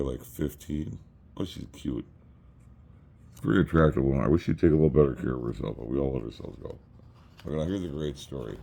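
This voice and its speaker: A man's voice: very deep voice, gravelly, mellow. A middle-aged man casually rambling through family photos, crude and joking as he tells stories. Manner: crude, joking, profane storyteller. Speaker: vlogger showing family photos.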